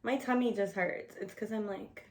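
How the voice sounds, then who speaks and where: A woman's voice: mid-range voice, fairly even intonation, normal speed. A woman vlogger chatting casually while getting ready, slangy and profane, laughing often. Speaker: beauty vlogger. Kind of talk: casual get-ready-with-me chat.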